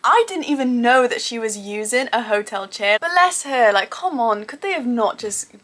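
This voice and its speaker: A woman's voice: fairly high pitch, animated, normal speed, fairly bright tone. Chatty young woman reacting to a show. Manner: chatty, frequent "literally" and "like", exclaims in disbelief. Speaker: reaction video host. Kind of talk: casual reaction commentary.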